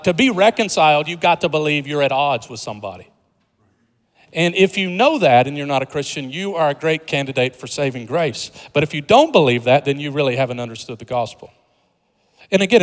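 Man preaching in a reverberant hall. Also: on the high side. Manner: conversational preaching with humor, building to emphatic rises. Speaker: pastor. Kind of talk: sermon.

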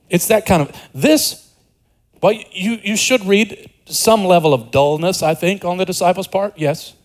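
Conversational male preacher, slightly high voice. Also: animated, normal speed, poor audio. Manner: conversational, repeats words, joking asides. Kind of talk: expository sermon.

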